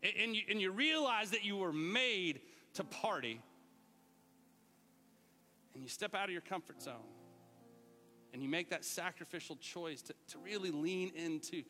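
A middle-aged man preaching a lively sermon, sometimes shouting out words to show what they mean. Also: sits high, moderate pace, pauses often, long reverb tail, faint music behind. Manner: animated, shouts out words to demonstrate. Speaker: pastor.

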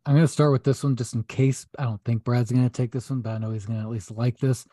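A man co-hosting a casual movie review chat, easygoing and quick to chuckle. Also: mid-range voice, fairly even intonation, warm tone, no echo, studio quality. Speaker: podcast co-host.

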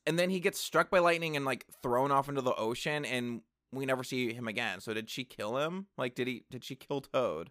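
A man casually reviewing a film on camera, rambling and excitable, with lots of fillers and asides. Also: medium pitch, measured pace, clear, resonant tone, dry recording, clean studio sound. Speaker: movie reviewer. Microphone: camera mic.

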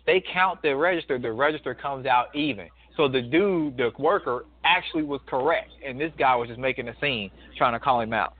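A man in his thirties tells a story over a thin, tinny phone line. He speaks at a middle pitch and retells events with energy and emphasis. He trips over and restarts his sentences often. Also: brisk, hardly any pauses. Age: 30s. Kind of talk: casual storytelling.

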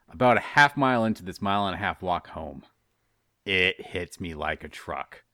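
A man with a bright, forward tone cracks jokes in a casual podcast chat. His pitch swings widely as he tells stories, and the recording is close and dry. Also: dry recording. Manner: jokey, laughs a lot, does silly voices. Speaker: podcast co-host.

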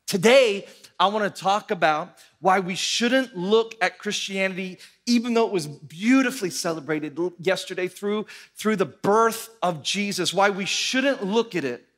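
A male pastor telling a story in a sermon, animated, acting out the voices of the people in it. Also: sits high, a little slow. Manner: animated, acts out voices in anecdotes.

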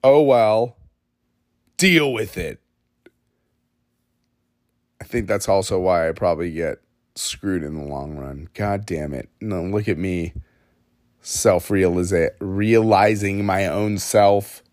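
A man's voice: sits low, no room sound, clean studio sound. A man hosting a solo podcast, ranting in a rambling, self-mocking, profane way. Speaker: podcast host.

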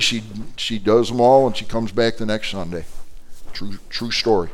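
A man's voice: lowish voice, moderate pace. A man teaching an adult Bible class as a pastor, telling stories animatedly with many fillers and restarts.

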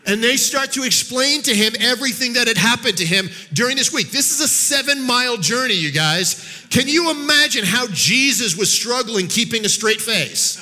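A man giving a sermon as a guest speaker, telling a Bible story in an animated way, acting out the characters' voices and often repeating words as he goes. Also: very high voice, normal speed, in a large hall.

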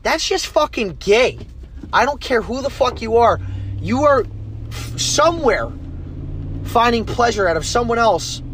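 A young man with a somewhat high-pitched voice rants in a loose, rambling way, swearing in nearly every sentence. He is recorded inside a moving car, with a faint hum of traffic behind him. His talk is blunt and unpolished. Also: a bit bright. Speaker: podcast host. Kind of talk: casual rant while driving. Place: in a car on the road.

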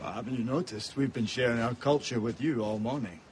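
A man's voice: medium pitch, a little fast, a little hiss or hum, natural voice. A man playing a defiant warrior king. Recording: film clip played over podcast.

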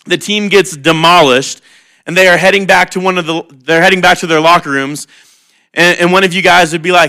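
A man's voice: sits high, steady tone, a little fast, pushed and bright, smooth. A man preaching a sermon in an earnest, conversational way, mixing humor with heartfelt appeal. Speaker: pastor.

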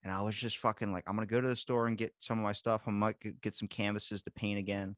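A man hosting a podcast in casual chat, telling animated stories full of swearing and acted-out quotes. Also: on the low side, fast, dry recording, clean studio sound. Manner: animated storyteller, swears constantly, acts out quotes. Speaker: podcast host.

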